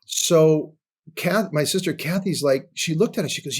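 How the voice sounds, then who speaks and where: A man's voice: normal speed, breathy edge. Earnest older man telling his story. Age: 60s. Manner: earnest storyteller, often drops soft and low. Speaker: guest. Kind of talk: personal testimony in a podcast interview.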